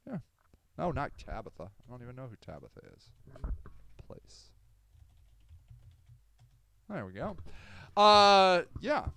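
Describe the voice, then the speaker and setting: A man hosting a podcast, rambling sardonically and apologetically, swinging from loud to mumbled. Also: fairly high pitch, sing-song, moderate pace, vocal fry, slight background noise. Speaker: podcast host. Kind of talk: casual livestream podcast monologue.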